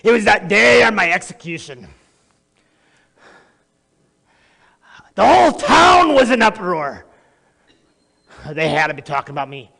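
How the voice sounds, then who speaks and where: A man's voice: high voice, very animated, normal speed, gravelly, pushed and bright, heavily acted. A man acting a notorious, boastful male criminal in a theatrical monologue, addressing the audience directly. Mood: boastful, manic. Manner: boastful, erratic, talks straight to the audience. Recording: long echoey hall reverb.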